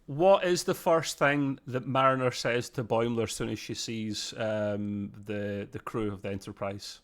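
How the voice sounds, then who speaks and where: A man hosting a podcast, chatting casually through an episode review, excitable and often laughing as he recaps. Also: medium pitch, unhurried, clean tone. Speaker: podcast host.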